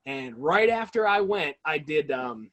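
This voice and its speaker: A man being interviewed as a guest, telling animated, enthusiastic stories in a casual way. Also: on the high side, measured pace, lo-fi sound. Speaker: guest, toy-hunting video creator.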